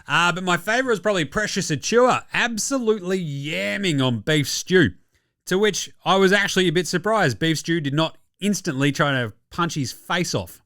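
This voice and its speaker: Australian male host, lively pitch, dry close sound, sweary comic sports chat. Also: normal speed, no room sound. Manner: profane, jokey, animated rants. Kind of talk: casual sports commentary.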